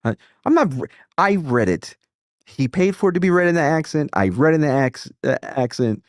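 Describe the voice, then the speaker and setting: A man's voice: on the high side, sing-song, moderate pace, no echo, clean studio sound. A man hosting a casual live stream who rambles and swears, with frequent restarts. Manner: rambling and profane, with many restarts and self-interruptions. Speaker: streamer and host.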